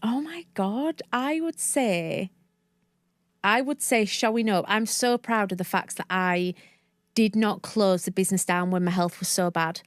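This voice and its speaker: A woman's voice: mid-range voice, a little slow, dry recording, studio quality. A woman from Leeds with a broad Northern English accent, a coach chatting as a guest in a casual podcast interview, effusive and often restarting her sentences. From Leeds, England.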